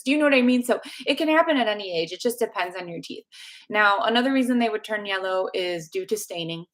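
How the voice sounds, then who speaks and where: A woman on a live video stream, answering viewers' tooth questions in a chatty, bubbly way. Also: medium pitch. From United States. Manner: chatty and bubbly, with frequent laughs and fillers. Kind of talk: live Q&A chat.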